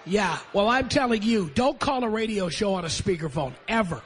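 A man's voice: sits high, animated, moderate pace. A man hosting a call-in radio show, bossy and sarcastic with callers. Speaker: radio talk show host.

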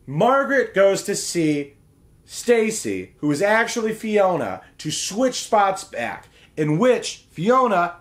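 A man hosts a casual film breakdown and retells scenes with animated character voices. His pitch is a little high and swings widely. He laughs often as he goes. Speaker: film review host.

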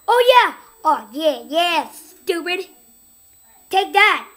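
A woman's voice: very high-pitched, expressive, takes it slowly. A young woman hosting a gaming channel, giving jumpy horror let's play commentary, shrieking and laughing at scares.

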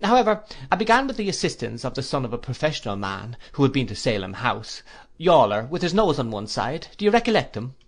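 A man voicing a humble, good-natured young man in an audiobook, talking in an eager, lively way and quick to laugh. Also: mid-range voice, pitched above the performer's own voice. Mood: cheerful. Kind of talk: audiobook character voice.

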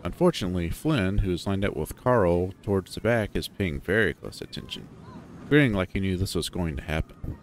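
Man, first-person story narration, low voice, lively intonation. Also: normal speed.

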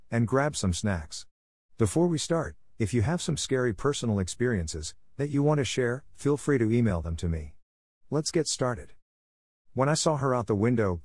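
A man narrating horror stories from an online forum in a steady, even reading. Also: lowish voice, no echo, studio quality. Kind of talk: scripted narration.

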